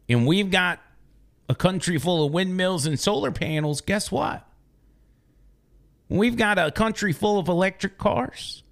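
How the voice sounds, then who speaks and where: A man with a high-pitched, fairly bright voice hosts a political opinion show, delivering an emphatic, mocking monologue and repeating words for effect.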